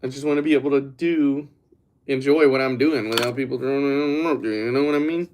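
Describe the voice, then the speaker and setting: A man's voice: mid-range voice, fairly even intonation, fast talker, a little mellow, a little hiss or hum. A young man livestreaming, rambling and joking as he talks straight to his chat. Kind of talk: casual livestream chat with viewers.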